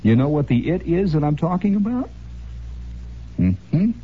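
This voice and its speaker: A man's voice: a little high, sing-song, measured pace, slight background noise. A man hosting a radio show, telling wry, sardonic stories in a rambling monologue, heard on a dull lo-fi old radio broadcast. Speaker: radio host.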